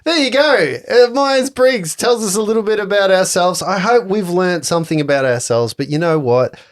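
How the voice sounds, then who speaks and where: Excitable man chatting, lively pitch. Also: moderate pace. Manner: excitable, laughs often. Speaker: host, game master. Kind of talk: casual chat.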